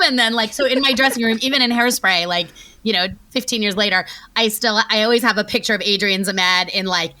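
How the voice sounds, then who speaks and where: A woman in her forties telling stories as an interview guest, chatty and quick, full of "like"s and acted-out quotes. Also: mid-range voice, pushed and bright. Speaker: guest actress. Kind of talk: casual interview storytelling.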